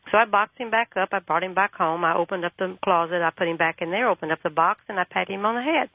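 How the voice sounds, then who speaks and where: A woman guest calling in to a radio show, telling a story and acting out the dialogue with lively energy. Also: lowish voice, fast, hardly any pauses, no room sound. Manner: animated, acts out dialogue. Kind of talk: phone-in storytelling. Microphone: telephone. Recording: tinny phone line.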